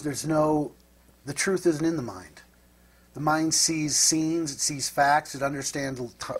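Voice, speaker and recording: Middle-aged interview guest from the Midwest, husky and breathy, rambling and reflective. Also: male voice, a little high. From Nebraska, USA. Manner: rambling and reflective, with frequent tag questions. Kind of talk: casual storytelling.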